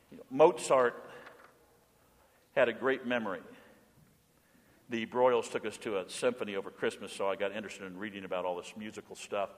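A middle-aged man preaching a sermon as pastor, emphatic, slowing down for repeated refrains the congregation says back. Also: lowish voice. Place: church sanctuary. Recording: long church reverb.

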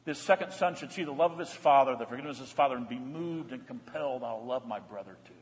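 A male pastor preaching a sermon. He swings between loud, emphatic bursts and hushed, soft passages. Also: medium pitch, quick pace, big-room sound.

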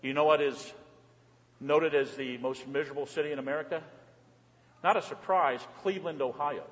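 A male pastor delivers a sermon in a fairly high voice. He pushes out loud, emphatic phrases, then drops into hushed, soft passages. His words trail off into the long reverb of a large sanctuary. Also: normal speed.

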